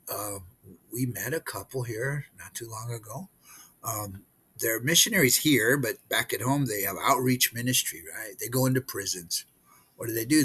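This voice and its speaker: Husky man preaching a casual sermon. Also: medium pitch, a bit bright. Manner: conversational, halting, with many restarts and fillers. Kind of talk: informal livestream sermon. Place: missionary post abroad.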